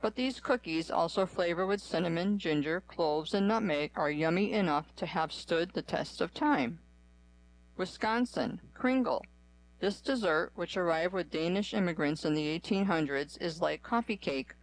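A woman reading a magazine article aloud in an even, clear voice for a radio program. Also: lowish voice, no room sound, poor audio. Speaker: radio reader.

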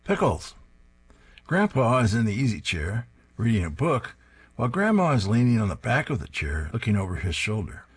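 Man, low voice, husky, reading comic strips aloud, plain and steady. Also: normal speed.

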